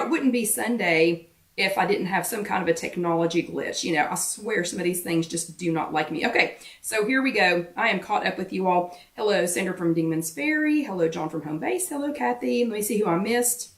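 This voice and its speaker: A woman hosts a chatty live stream while her voice is going hoarse. She sits back from the mic, so her voice sounds distant. It also has a roomy echo. She greets viewers one by one in a casual, familiar way. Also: medium pitch, fairly quick. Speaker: host of a live weight-loss workshop chat.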